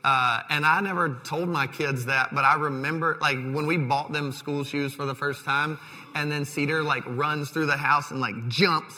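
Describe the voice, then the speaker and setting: A male pastor in his thirties talks through his sermon in an easy, conversational way, full of fillers and restarts. His voice is bright and forward. A long reverb trails behind him, as in a church hall. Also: medium pitch, moderate pace.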